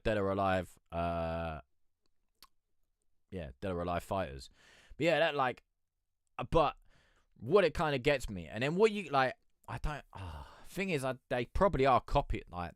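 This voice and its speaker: Rambling man with a lively, low voice. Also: clean tone, no room sound, studio quality. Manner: rambling, swears freely, laughs often. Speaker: music review livestream host. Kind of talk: casual live-stream chat.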